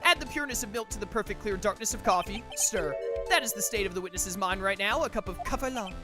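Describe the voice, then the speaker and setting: A woman voicing a cryptic, theatrical male prosecutor who speaks in slow riddles, with game music underneath. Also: medium pitch, animated, close to an everyday voice. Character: smooth, cryptic male prosecutor obsessed with coffee.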